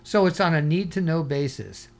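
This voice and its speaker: A man talking as an interview guest, a diver telling stories in an animated, rambling way with lots of "you know". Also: on the high side, normal speed, gravelly. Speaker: guest, scuba diver and paranormal investigator. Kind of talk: casual interview chat.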